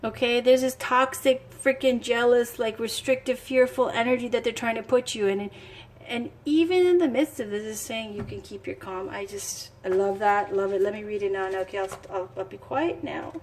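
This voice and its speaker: A woman's voice: fairly high pitch, steady tone, normal speed, a little hiss or hum. Chatty, enthusiastic woman tarot reader. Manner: enthusiastic and chatty, thinks aloud. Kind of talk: casual tarot reading with read-aloud card passages.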